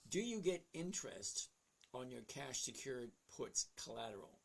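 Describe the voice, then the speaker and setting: A man's voice: medium pitch, sing-song, moderate pace, creaky, slightly rough. A man in his sixties hosting a casual livestream, reading viewer questions and answering them bluntly and chattily. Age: 60s. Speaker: host.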